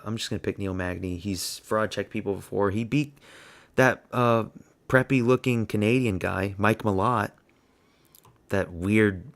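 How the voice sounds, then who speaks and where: A man hosting his own channel, talking through casual fight predictions in a blunt, rambling way, thinking aloud as he goes. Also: deep voice. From United States. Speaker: host.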